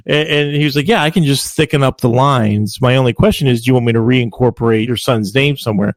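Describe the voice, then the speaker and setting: An animated man with a slightly high voice, casually spinning a long story on a podcast. He swears freely and jumps into quoted voices as he goes. The sound is dry and close. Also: quick pace, few pauses, dry recording. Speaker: podcast regular telling a story.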